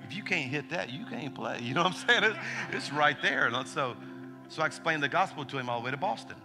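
A man's voice: a little high, fast, music in the background. A man, preaching a sermon as a pastor, telling stories animatedly and acting out the voices in them. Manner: animated, acts out quotes, frequent restarts. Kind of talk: sermon storytelling.

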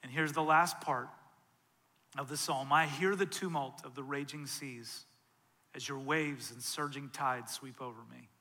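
A male pastor preaching a sermon, swinging from loud, intense passages to soft, hushed ones. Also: mid-range voice, fairly even intonation, a little slow. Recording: long reverb of a large hall.

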